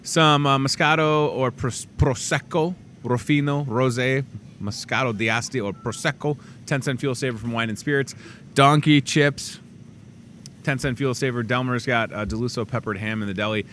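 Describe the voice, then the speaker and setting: A man's voice: normal speed, a little hiss or hum. A man hosting a casual in-store show, chatting loosely and joking as he runs through the week's deals. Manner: chatty, joking asides, lively swings in pitch. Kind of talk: casual promo chat. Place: grocery store.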